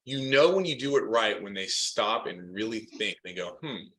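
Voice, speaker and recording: A man hosting a casual interview about loan work, upbeat and quick to agree, sometimes tripping over his words. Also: fairly low pitch, animated, a bit bright, a little hiss or hum. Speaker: loan officer training host.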